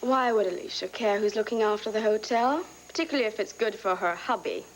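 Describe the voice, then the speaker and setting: A woman's voice: mid-range voice, a little fast, a little hiss or hum, natural voice, poor audio. A woman playing a sly, scheming schemer. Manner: sly, cutting, sweetly manipulative. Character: scheming woman trading barbs. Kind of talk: 1980s TV soap acting.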